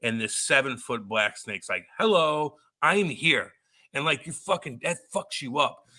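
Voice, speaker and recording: Swearing freely, a man co-hosting a podcast tells blunt stories in a casual chat. His medium-pitched voice has lively intonation and a moderate pace, and it sounds pushed and bright.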